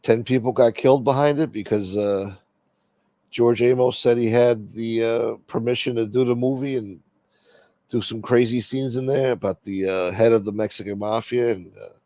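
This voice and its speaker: Male livestream host, mid-pitched, blunt and foul-mouthed, streetwise banter, dry close sound. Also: normal speed, warm tone, no echo, lo-fi sound. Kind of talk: casual livestream chat.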